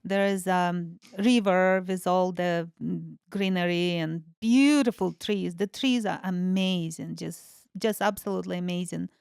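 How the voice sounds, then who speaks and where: Slow, smooth-voiced hesitant woman. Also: fairly low pitch, fairly even intonation, darkish tone, dry recording, clean studio sound. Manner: searches for words, hesitant with many fillers. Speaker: guest artist. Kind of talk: casual interview chat.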